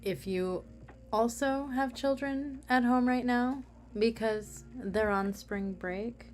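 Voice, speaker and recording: A woman's voice: fairly high pitch, slow, faint music behind. A woman craft vlogger chatting casually while she works, rambling with self-mocking humor.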